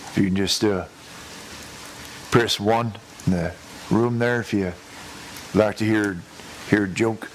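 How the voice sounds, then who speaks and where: A man's voice: on the low side, steady tone, slow, long pauses, slight background noise, rough recording. A man voicing a rambling, crude redneck character who tells a long joke full of hesitations and restarts. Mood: drawling. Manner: crude, chuckles at his own story. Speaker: prank caller telling a joke. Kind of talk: rambling prank-call joke telling.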